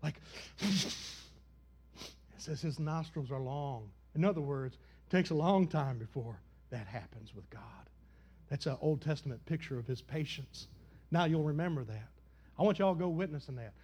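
A middle-aged male pastor preaching a sermon, questioning the congregation and swinging between high loud exclamations and low quiet asides. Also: lively intonation, normal speed, husky.

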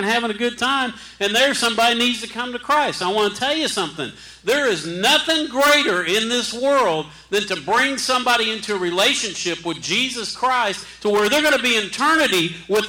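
A man's voice: high-pitched, pushed and bright, low-quality recording. A middle-aged man preaching a sermon, urging his listeners with fervent repeated commands.

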